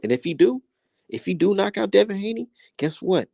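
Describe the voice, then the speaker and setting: A young man hosting his own boxing commentary, talking casually in a heated, profane rant that climbs high when he gets worked up. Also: animated, brisk, creaky, darkish tone, no echo.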